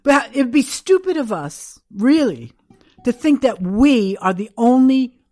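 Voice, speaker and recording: An older woman from New York, a podcast guest, recounting memories in an animated, emphatic way. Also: on the high side, unhurried, no room sound, studio quality. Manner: animated, emphatic, acts out quotes. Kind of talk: casual storytelling interview.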